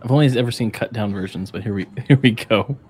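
A man co-hosting a podcast, playful and quick to laugh. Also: on the low side, darkish tone, a little hiss or hum. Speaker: podcast co-host. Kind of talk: casual chat.

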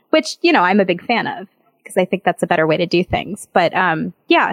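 A woman co-hosting a podcast chats casually in a mid-range voice, explaining things at length and laughing easily. The recording has no echo.

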